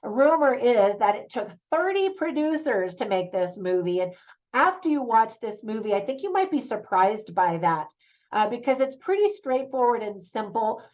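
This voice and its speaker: A woman's voice: a little high, sing-song, normal speed, darkish tone, muffled recording. A middle-aged woman giving a chatty, opinionated movie review in a casual spoken style. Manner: chatty, opinionated, laughs easily.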